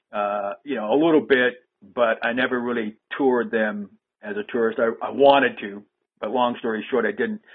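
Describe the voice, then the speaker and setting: A man hosting a casual conversation, rambling and hesitant with frequent restarts. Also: medium pitch. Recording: phone-like lo-fi line.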